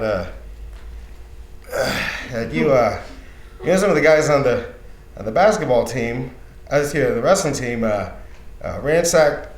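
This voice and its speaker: A man voicing an exasperated male school program director, halting with many uhs, in a roomy echoey room. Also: mid-range voice, far from the mic. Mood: probing.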